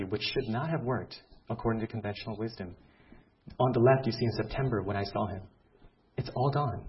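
A man, a physician, giving a faith testimony to an audience, telling a patient's story with lively acted-out quotes and closing in prayer. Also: mid-range voice, muffled recording. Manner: animated storytelling, acts out quotes, ends in prayer. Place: room with an audience.

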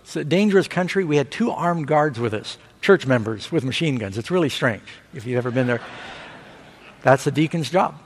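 A man preaching a sermon, telling stories with rising excitement and asking the audience for amens. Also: mid-range voice, brisk, slightly rough. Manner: animated storytelling preacher. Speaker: pastor. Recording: long hall reverb.

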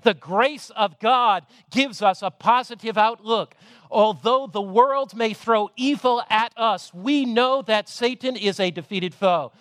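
A man preaching a sermon, moving between loud emphasis and hushed, intimate passages. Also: sits high, measured pace, dry recording. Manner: dramatic, swings from loud to hushed.

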